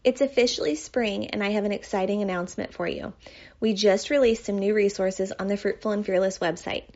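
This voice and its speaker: A woman reading a podcast announcement in a bright, upbeat way. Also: medium pitch, steady tone, brisk, dull audio. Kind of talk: read announcement.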